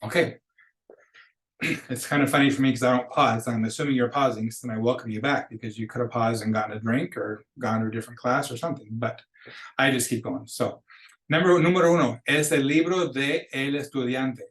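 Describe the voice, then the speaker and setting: A man's voice: medium pitch, steady tone, fairly bright tone. Patient man teaching in an echoey room. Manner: patient, explains slowly with examples and repeats phrases. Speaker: Spanish teacher. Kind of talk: recorded lecture for students.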